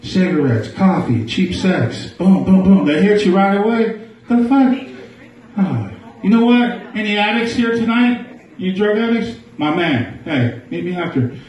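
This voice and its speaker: A man's voice: high-pitched, expressive, unhurried, darkish tone, far from the mic. A man doing a crude live stand-up set in a small bar, riffing with the crowd. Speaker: stand-up comedian. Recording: echoey bar, mic heard from afar.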